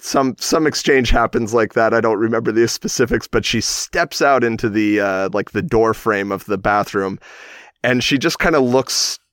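A man's voice: mid-range voice, normal speed, a bit bright, dry recording, studio quality. A man in his thirties casually telling a long personal story on a podcast, rambling and correcting himself as he goes. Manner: rambling, self-correcting, chuckles while telling.

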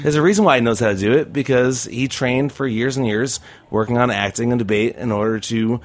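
A man's voice: mid-range voice, brisk. A man who coaches speech and debate, talking casually on a radio show with lots of fillers. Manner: rambling with many fillers.

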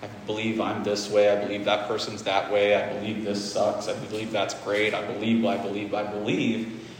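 Candid man with a lowish voice, casual teaching talk, swears freely; recorded in a reverberant hall with faint room noise. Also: monotone, moderate pace. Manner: candid, swears freely, repeats phrases for emphasis. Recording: echoey hall with faint ambience.

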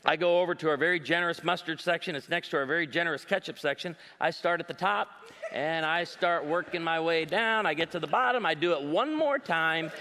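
Guy in his 40s doing stand-up, high bright voice, big echoey hall, acts out all the quotes. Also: fairly quick, slight background noise. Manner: animated storytelling with voiced quotes. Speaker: stand-up comedian. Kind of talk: live stand-up comedy. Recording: long hall reverb.

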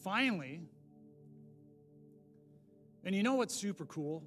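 A man's voice: high voice, animated, takes it slowly, fairly bright tone, soft background music. A man telling his personal testimony in a candid, earnest storytelling manner with sudden emphatic bursts. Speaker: speaker giving a personal testimony. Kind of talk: spoken testimony message.

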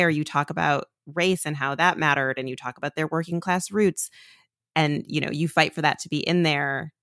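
A woman's voice: low voice, fairly even intonation, moderate pace, fairly bright tone, no room sound, clean studio sound. A woman podcast host praising her guest with effusive enthusiasm and casual swearing. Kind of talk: conversational interview.

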